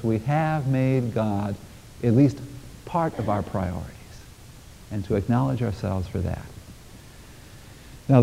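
A man's voice: medium pitch, creaky, dark tone, in a large hall, poor audio. A male minister giving a conversational sermon, talking casually and chuckling through folksy asides to his congregation. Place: church sanctuary.

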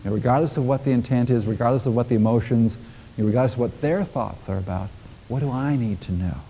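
A man's voice: medium pitch, fast talker, dark tone, big-room sound, a little hiss or hum, rough recording. A male minister giving a conversational sermon, talking casually and chuckling through folksy asides to his congregation. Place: church sanctuary.

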